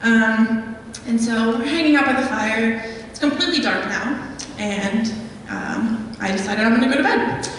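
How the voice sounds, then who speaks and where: A woman's voice: on the high side, measured pace, few pauses, fairly bright tone, far from the mic. Young woman, live talk, echoey meeting hall, faint background noise. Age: young adult. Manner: chatty storytelling with many ums. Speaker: guest speaker. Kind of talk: live talk with audience questions.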